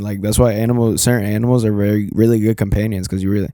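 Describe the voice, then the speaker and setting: A man's voice: lowish voice, fast, hardly any pauses, dark tone, no echo, clean studio sound. A young man hosting a podcast in casual chat, laid-back, laughing often and trailing off mid-sentence. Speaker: podcast host.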